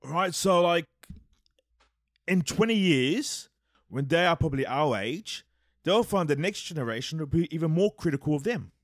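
A young man with a slightly higher voice co-hosts a casual podcast. He often stammers and repeats words as he gets going. His voice sounds dry and close. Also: lively intonation, moderate pace, dry recording. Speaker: podcast co-host. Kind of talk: casual chat.

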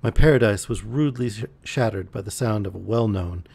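A man reading a novel aloud on a live stream, relaxed, with the odd slip and restart. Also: on the low side, fairly quick, gravelly, husky. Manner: relaxed, with occasional slips and restarts. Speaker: audiobook reader on a live stream. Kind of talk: reading a novel aloud, voicing characters lightly.

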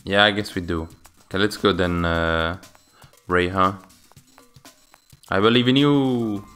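A man's voice: low voice, measured pace, fairly bright tone, faint music behind. A man hosting a let's play, chatting casually and searching for words as he plays. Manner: rambling, searching for words with fillers. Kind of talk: casual gameplay commentary.

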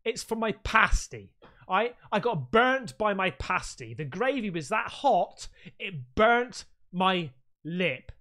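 A British man reacting casually to ghost clips, loud and excitable, swearing freely. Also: high-pitched, takes it slowly. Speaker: reaction video host.

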